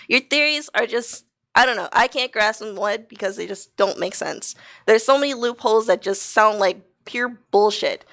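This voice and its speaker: Exasperated, mocking woman on voice chat with a gravelly, fry-laden voice. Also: fairly high pitch. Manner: sharp-tongued, mocking, exasperated. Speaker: voice chat participant. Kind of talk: heated casual argument.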